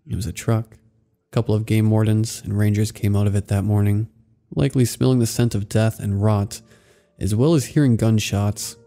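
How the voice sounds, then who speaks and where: A man narrates a horror story in a measured, somber manner. His voice is low and gravelly, with a very dark, mellow tone, and soft music plays faintly behind him. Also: steady tone.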